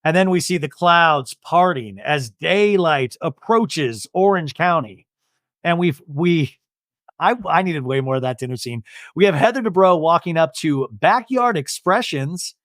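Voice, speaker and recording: Lively, animated man recapping reality TV. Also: on the high side, unhurried, no room sound, clean studio sound. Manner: animated, swears, acts out quotes. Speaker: podcast host.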